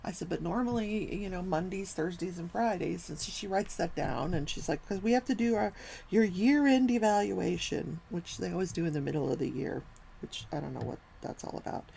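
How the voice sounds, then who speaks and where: An older woman hosting a casual talk show, telling a long workplace story and acting out the people in it with lively, animated quoting. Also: lowish voice, brisk, creaky, slight background noise, poor audio. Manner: animated, acts out quoted people.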